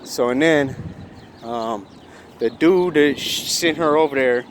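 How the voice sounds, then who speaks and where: A man's voice: mid-range voice, slow. Man, agitated storyteller, swears a lot, plain middle voice, road noise behind. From Long Beach, California. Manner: profane, agitated retelling with acted-out quotes. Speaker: vlogger. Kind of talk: casual storytelling. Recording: noisy outdoor recording.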